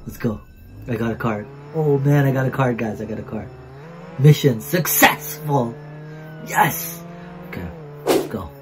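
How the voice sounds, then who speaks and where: A man hosting his gaming channel, giving excitable gameplay commentary, repeating himself and calling out to his viewers. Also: medium pitch, a little slow, long pauses, noisy background.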